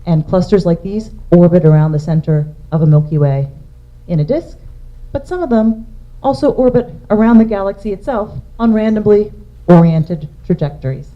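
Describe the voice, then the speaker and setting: A woman astronomer with a low, animated voice talks at normal speed during a public science lecture. She explains each idea step by step while pointing to slides, and the recording is lo-fi and dull.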